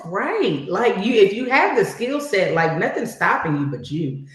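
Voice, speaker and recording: A woman's voice: medium pitch, big pitch swings, measured pace. A woman talking as a podcast guest in casual chat, conversational and reflective, often saying "you know". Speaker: podcast guest, cybersecurity professional. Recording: very echoey room.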